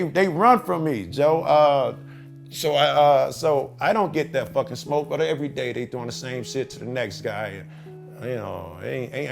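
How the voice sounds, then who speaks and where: A man's voice: medium pitch, vocal fry. A man, talking profanely and animatedly in an interview, telling his own stories. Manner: profane, animated storytelling with Chicago slang. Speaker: interviewee, cop watcher. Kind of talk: casual interview talk.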